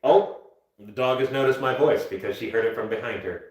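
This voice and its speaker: A man talking casually and jokily to the camera, rambling from one thought to the next. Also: a little fast. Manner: rambling, jokey, jumps into a high baby-talk voice for his dog. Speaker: vlogger. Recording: picked up through a building announcement speaker.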